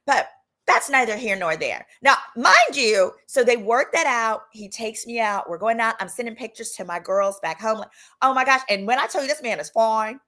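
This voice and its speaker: A woman in her thirties from Texas telling a personal story in a casual, animated way, acting out the people she quotes. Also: a little high, normal speed. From Texas, United States. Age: 30s. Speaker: lawyer and channel host.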